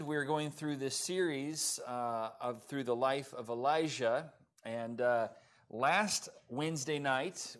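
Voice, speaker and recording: A man preaching a sermon at a church service, talking in a conversational way with many fillers and restarts. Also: on the high side. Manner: conversational, many fillers, self-described sarcastic. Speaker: pastor. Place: church in Oklahoma.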